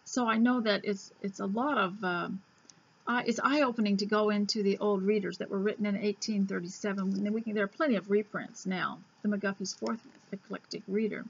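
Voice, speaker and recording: A woman host reading an old school reader aloud, breaking off into chatty asides and admitting she talks too fast. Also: mid-range voice, steady tone, gravelly, breathy edge. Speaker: homemaking radio host. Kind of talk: casual reading lesson. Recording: dull lo-fi recording.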